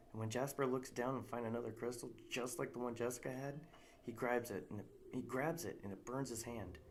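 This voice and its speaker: A man's voice: medium pitch, darkish tone, a little hiss or hum. A man reading a story aloud in a live narration, casual and unpolished, with restarts.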